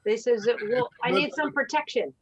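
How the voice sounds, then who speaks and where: A woman chimes in during a live class, her voice somewhat high and amused, laughing as she talks. The sound is dull and lo-fi. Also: fairly quick. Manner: amused, laughs while talking. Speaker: class participant.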